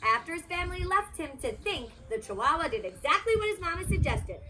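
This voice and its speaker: A woman teacher reading a picture book aloud to her students, expressive and animated, putting on voices for the characters. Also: a little fast, rough recording. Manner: animated, voices the characters with big pitch swings. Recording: loud background noise.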